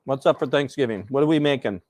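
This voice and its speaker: A man casually chatting while hosting a live breakfast cooking stream, rambling and relaxed with plenty of fillers. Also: medium pitch, fast, no room sound. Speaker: host.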